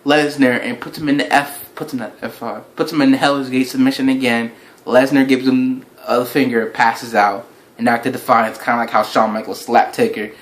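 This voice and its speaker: A man talks through a wrestling event in a loose, rambling reaction video. His voice sits at a middle pitch. He recounts the action play-by-play and gets excited as he goes. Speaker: wrestling fan reviewer.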